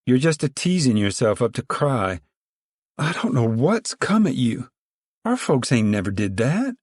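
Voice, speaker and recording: A man's voice: medium pitch, very animated, a little slow, a little mellow, no echo, clean studio sound, voice pushed up. A man reading aloud and voicing a stern, weary mother of a poor farm family, scolding in a rural drawl.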